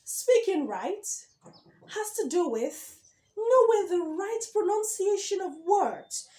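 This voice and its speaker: A woman's voice: extremely high pitch, expressive, takes it slowly, warm tone, echoey room. A woman giving a speech coaching lesson to camera, emphatic, repeating key words and asking rhetorical questions.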